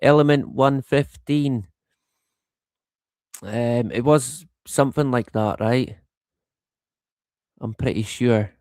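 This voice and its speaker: A man talking casually on his livestream, meandering from point to point and chuckling often. His voice sits at an ordinary middle pitch and comes across close and dry, with no room sound around it. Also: slow pace, long pauses, darkish tone, dry recording. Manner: rambling and conversational, laughs often, swears. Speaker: livestream host. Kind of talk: casual monologue.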